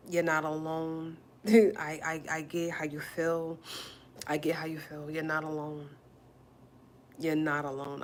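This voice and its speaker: A woman hosting a livestream, talking softly and repeating herself as she consoles viewers, then turning sassy while reading comments. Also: low voice, slight background noise. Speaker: livestream host. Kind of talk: casual livestream talk to viewers.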